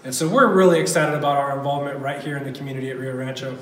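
Casual young-sounding pastor in echoey hall. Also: male voice, medium pitch, fairly even intonation, very fast, fairly bright tone, slight background noise. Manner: casual, enthusiastic, many fillers. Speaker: campus pastor. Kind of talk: church report. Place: church hall. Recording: echoey room from a distance.

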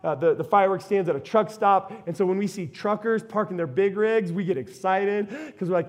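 A middle-aged man, preaching a sermon to his church in a folksy, storytelling way with animated asides. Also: high-pitched, a little fast. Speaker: pastor. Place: church sanctuary.

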